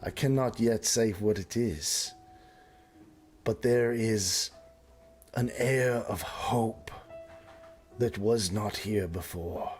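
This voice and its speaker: A man voicing a solemn noble figure who speaks slowly and formally. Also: on the low side, a little mellow, faint music behind. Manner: slow, grave, formal speech. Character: solemn noble man bound to dark powers.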